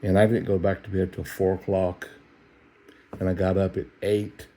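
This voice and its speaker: Tired, easygoing man with a low voice. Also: little pitch movement, moderate pace, mellow, slight background noise. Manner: easygoing folksy chatter, chuckling. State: tired and yawning. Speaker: coin roll hunter. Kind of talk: casual narration while searching coins.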